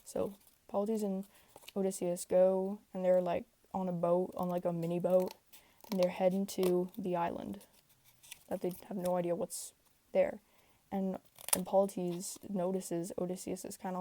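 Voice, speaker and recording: A hoarse woman hosting a casual podcast, speaking quietly at home with lots of fillers as she recaps a story. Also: fairly low pitch, flat delivery, a little slow, slight background noise. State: hoarse, tired voice. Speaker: podcast host. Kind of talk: casual rambling recap rant. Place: home room.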